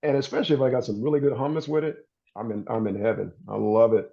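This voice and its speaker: A laid-back man, a plant-based recipe creator, talking as a guest in a conversational interview, getting animated when excited. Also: mid-range voice, quick pace, creaky, muffled recording.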